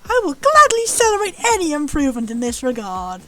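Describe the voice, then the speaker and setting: A woman's voice: high-pitched, wildly swooping pitch, fairly quick, fairly bright tone, faint music behind, heavily acted. A British woman voicing a courteous, formal old male monster butler in a video game, with prim, old-fashioned wording. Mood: polite, formal.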